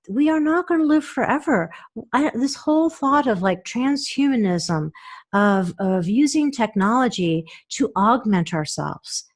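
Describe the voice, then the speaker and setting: A middle-aged woman hosting a talk show, speaking earnestly and reflectively, often restarting and repeating her words. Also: fairly high pitch. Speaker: show host.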